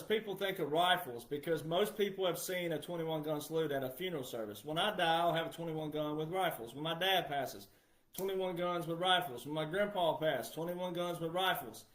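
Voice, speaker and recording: A man's voice: a little high, fairly bright tone. A middle-aged man giving an emphatic, repetitive casual monologue straight to his viewers. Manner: emphatic, repetitive, addresses the audience directly. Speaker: commentator. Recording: echoey room.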